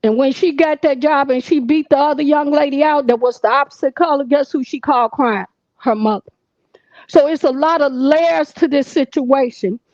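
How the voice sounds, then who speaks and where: A woman's voice: high voice, moderate pace, a little mellow, no echo, muffled recording. A woman in her sixties calling in to tell a long personal story in an earnest, emphatic, repetitive way. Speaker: caller.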